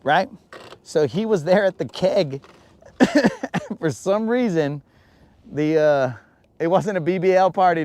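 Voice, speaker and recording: Guy telling a goofy story on his bass fishing stream, kinda high voice, pitches up for quotes, dry sound. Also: a little mellow, no echo. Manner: rambling anecdotes, acts out quotes in a higher voice. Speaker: fishing livestream host. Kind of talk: casual storytelling while fishing. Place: out on a lake, on a boat.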